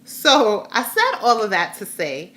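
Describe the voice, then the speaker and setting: A woman's voice: mid-range voice, wildly swooping pitch, a little slow, pushed and bright. A woman vlogger, mother of a grown son, candidly retelling a hard day with rambling restarts. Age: adult, has a grown son. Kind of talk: personal storytelling vlog.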